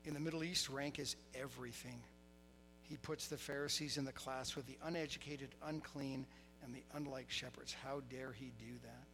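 A middle-aged man preaching a sermon, telling stories with lively quoted voices and laughter. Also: mid-range voice, moderate pace, vocal fry, noisy background. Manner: animated storytelling, laughing, voicing quotes. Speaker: pastor.

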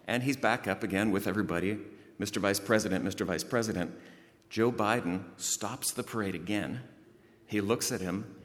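A man preaching a sermon, telling a story in a lively way and praying in a hushed voice. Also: fairly low pitch. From outside the United States. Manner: lively anecdotal delivery, hushed in prayer. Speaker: pastor. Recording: long hall reverb.

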